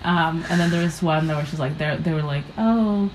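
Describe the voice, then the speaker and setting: Low-voiced young woman telling stories casually. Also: fairly quick, darkish tone, a little hiss or hum, low-quality recording. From United States. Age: young adult. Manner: rambling, filler-heavy, acts out her own past reactions. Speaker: guest, comedian. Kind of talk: casual interview storytelling.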